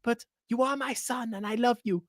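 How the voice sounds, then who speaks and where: A man's voice: very high-pitched, moderate pace, no room sound, studio quality, pitched above the performer's own voice. A man doing an impression of a doting, fatherly middle-aged football manager, who talks in a coddling, sing-song way.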